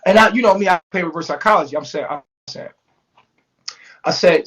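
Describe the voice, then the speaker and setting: Profane, animated man telling a story. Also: high-pitched, fairly quick, long pauses. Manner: profane, animated, acts out quoted voices. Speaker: streamer telling a story to callers. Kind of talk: casual storytelling. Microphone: microphone on a live voice call.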